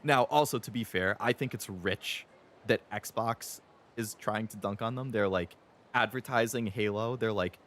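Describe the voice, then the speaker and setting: A man's voice: fairly low pitch, a little slow, a bit bright. A man in his twenties streaming a game, ranting heatedly and with plenty of swearing about the gaming industry and mocking companies in sarcastic voices. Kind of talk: ranting live-stream chat.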